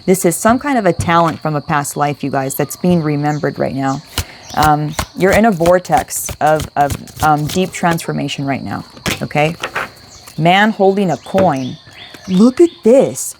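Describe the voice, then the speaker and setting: A woman's voice: deep voice, lively intonation, measured pace, darkish tone, slight background noise. A young woman giving a casual, chatty spiritual card reading, swearing now and then, outdoors. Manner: chatty, swears, talks to her dog in between. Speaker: card reader.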